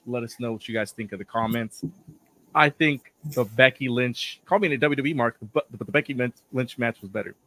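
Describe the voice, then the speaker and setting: Hoarse guy losing his voice, blunt wrestling takes, mid pitch. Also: a little fast, a bit bright, no room sound. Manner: blunt, opinionated. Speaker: podcast co-host. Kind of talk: casual wrestling chat.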